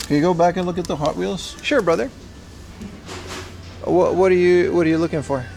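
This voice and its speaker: Gravelly-voiced man chatting on a stream. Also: high-pitched, fairly even intonation, fast talker, music in the background. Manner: chatty, slangy, talks to chat while browsing. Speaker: livestreamer. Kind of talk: casual IRL livestream chat. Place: secondhand shop in Japan.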